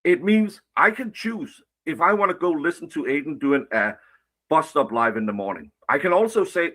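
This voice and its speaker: A man's voice: on the high side, animated, normal speed, bright, forceful tone. A man on a played clip, ranting angrily and profanely, confronting his critics. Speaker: online commentator. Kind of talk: angry rant.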